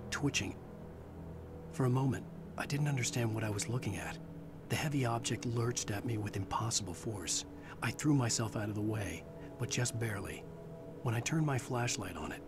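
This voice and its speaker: An actor playing a grim male writer who narrates his own ordeal in measured, somber tones, as scripted game narration. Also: lowish voice, close to an everyday voice. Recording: game audio with music behind.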